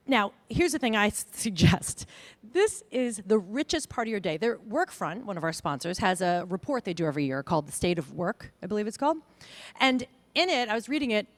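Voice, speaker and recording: A middle-aged woman giving a conference keynote, animated and self-deprecating, often acting out other people's voices. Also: medium pitch, no echo. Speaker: conference speaker. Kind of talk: keynote talk.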